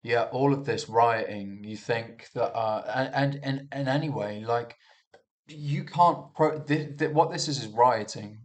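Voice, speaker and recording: In an unhurried, mid-range voice, a man comments on the news in a casual monologue. He gets heated, keeps restarting, and swears throughout.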